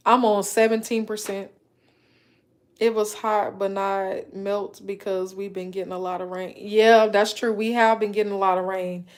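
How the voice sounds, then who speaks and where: A woman hosting a casual livestream, chatting with viewers and telling animated stories. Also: medium pitch, normal speed. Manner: animated storytelling, acts out quoted voices, laughs often. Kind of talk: casual live chat, reading viewer comments.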